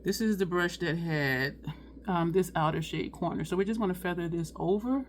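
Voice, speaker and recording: A woman's voice: lowish voice, moderate pace, slight background noise. A woman chatting casually through a makeup tutorial at home, sweating and talking to her viewers as "y'all". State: sweating, overheated. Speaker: beauty vlogger.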